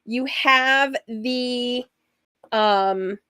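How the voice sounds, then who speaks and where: A woman hosting a sewing livestream, chatty and rambling, her voice husky from allergies. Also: fairly high pitch, drawn-out words, sharp tone, no room sound, studio quality. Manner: rambling, chatty, laughs often.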